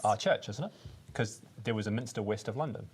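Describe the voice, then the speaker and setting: A man's voice: lowish voice, fairly quick, darkish tone, slight background noise. A man co-hosting a podcast, explaining things in a rambling, jokey way during casual chat. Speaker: podcast co-host.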